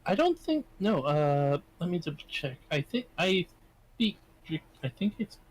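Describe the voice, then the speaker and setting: A man's voice: high-pitched, very animated, a little slow, slight background noise, low-quality recording. A man playing in a tabletop game, hesitant and thinking aloud as he talks. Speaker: player. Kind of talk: tabletop game chat over voice call.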